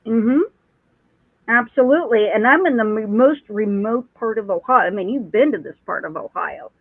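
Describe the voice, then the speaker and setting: A woman's voice: on the high side, normal speed, dry recording. A woman who works as a psychic medium talks casually and at length, restarting her sentences often. She comes through a thin, tinny phone line with no room sound. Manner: chatty, storytelling with many restarts and laughs. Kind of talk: casual chat.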